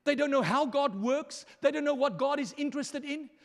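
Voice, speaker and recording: A man preaching a sermon as pastor, impassioned, moving between quiet asides and shouted lines. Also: very high voice, moderate pace, vocal fry, big-room sound.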